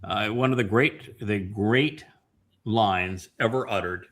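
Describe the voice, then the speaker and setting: Forceful low-voiced man, impassioned host. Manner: impassioned, retelling scripture with many filler pauses. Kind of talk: family Bible-study talk show.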